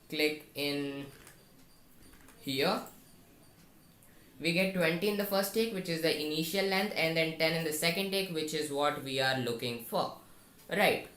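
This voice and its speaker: A woman whose voice sits low and a bit bright teaches coding in a screen-recorded tutorial, talking through every step and thinking aloud as she goes. Keyboard clicks and faint noise can be heard in the echoey room.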